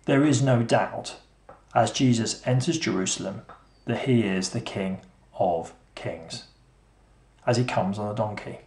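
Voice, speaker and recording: A male preacher giving a sermon, asking rhetorical questions and repeating phrases, at times emphatic and at times hushed. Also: on the low side, measured pace. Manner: swings between emphatic and hushed delivery. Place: church hall. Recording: echoey room.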